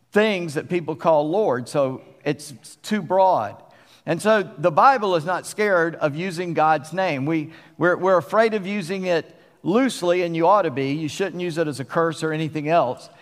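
A man's voice: fairly high pitch, measured pace. A man with a Southern US accent preaching a sermon as a pastor, folksy and conversational. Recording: long reverb of a church hall.

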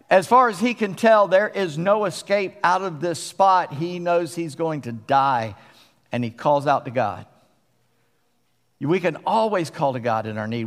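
A man with a Southern US accent preaching a sermon as a pastor, folksy and conversational. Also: high voice. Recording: long reverb of a church hall.

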